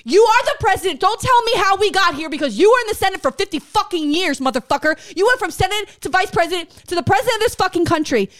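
A woman's voice: extremely high pitch, lively intonation, fast, few pauses, fairly bright tone. A woman podcast co-host ranting angrily in casual chat, swearing constantly.

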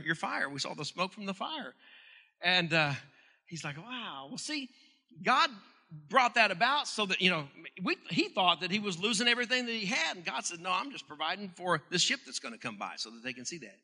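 A man's voice: high-pitched, sharp tone. Man preaching in an echoing hall. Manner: preaching with rising emphatic questions and restarts. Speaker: pastor. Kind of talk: sermon. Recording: hall reverb.

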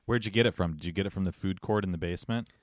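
Deep-voiced man, dry teasing. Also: very fast, dry recording. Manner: teasing, deadpan ribbing. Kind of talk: casual chat.

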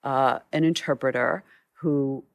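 A woman's voice: a bass voice, steady tone, a little slow, no room sound. A middle-aged woman, a photojournalist guest, telling vivid stories from her career in an interview. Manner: vivid anecdotal storytelling. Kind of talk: storytelling interview.

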